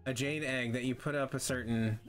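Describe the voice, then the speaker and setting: A man's voice: medium pitch, steady tone, a little fast, soft background music, lightly acted. A man reading out the lines of a flustered, chatty woman witch in a video game, in an eager, rambling, self-conscious way. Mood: flustered chatter.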